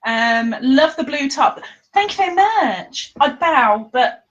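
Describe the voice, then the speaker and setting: A woman's voice: high-pitched, expressive, slow pace, a bit bright, muffled recording. A woman hosting a casual live stream from her living room, chatting, reading viewer comments aloud and laughing often.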